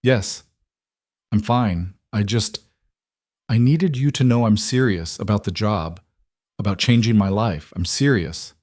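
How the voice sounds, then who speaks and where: A man voicing a composed woman leaving her cheating husband, speaking in calm, clipped, resolute lines. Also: fairly low pitch, measured pace, no echo, clean studio sound.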